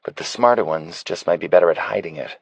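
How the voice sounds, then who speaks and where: A man's voice: deep voice, quick pace, gravelly, slightly rough, no echo, full character voice. A man reading an audiobook voicing a sassy, teasing young woman bartender. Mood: frustrated. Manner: teasing, exasperated. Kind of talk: audiobook character voice.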